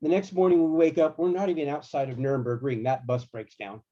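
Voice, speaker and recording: A man tells tour stories in loose, slangy chat. His voice sits a touch high and sounds animated. The recording is dull and lo-fi. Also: fast. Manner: animated, laid-back, slangy. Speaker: guitar tech guest. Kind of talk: casual storytelling.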